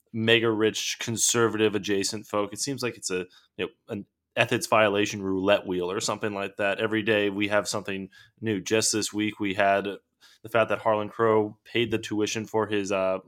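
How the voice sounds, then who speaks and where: Male panelist, lowish pitch, exasperated commentary with fillers. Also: a bit bright. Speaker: podcast panelist. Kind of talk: casual political commentary.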